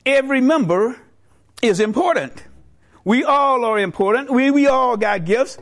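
Mid-sermon, this middle-aged preacher acts out the characters of a joke with lively voices, storyteller-style. His voice is very high and he talks a little slowly.

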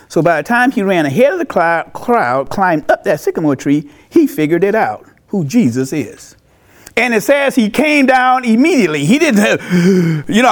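Male pastor, sermon delivery, emphatic and repetitive, very high and lively voice. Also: normal speed. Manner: animated, emphatic, repeats key phrases.

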